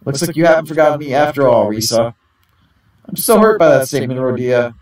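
A man's voice: mid-range voice, animated, a little fast, darkish tone, lightly acted. A man voicing a vain, glamorous young female celebrity actor while reading game dialogue aloud, showy and self-satisfied. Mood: playful. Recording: echoey, distant from the mic.

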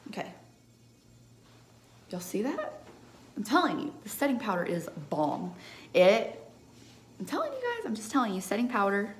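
A young woman hosts a live makeup tutorial from a home room under a ring light, speaking in an animated mid-range voice at a moderate pace with frequent pauses. Chatty, she checks in with "okay?" after almost every step, and the echoey recording carries slight background noise.

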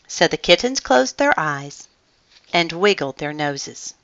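Lady reading a kids book slowly, clear crisp voice, dry close sound. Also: sits low, no room sound, dull audio. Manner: slow, expressive storytelling. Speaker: children's book reader. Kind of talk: reading a picture book aloud.

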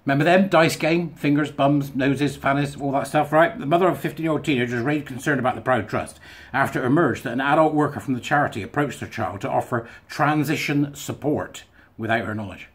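A man sits at his mic and reads a newspaper piece aloud, then stops to tear into it. His delivery is animated and sarcastic, blunt and opinionated. His voice sits at an ordinary middle pitch. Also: fairly quick. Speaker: host of a commentary channel. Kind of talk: reading and commenting on a news article.

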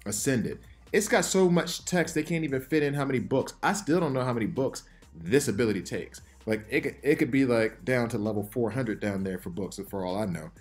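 A man hosting a casual game commentary video, rambling and excitable, jittery from too much coffee. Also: lowish voice. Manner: rambling, excitable, self-interrupting. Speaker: gaming channel host.

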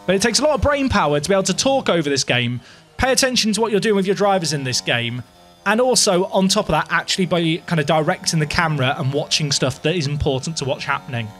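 A young man giving live, excitable commentary to his viewers while playing a game, dramatic and self-mocking. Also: a little high, quick pace, soft background music. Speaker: game streamer.

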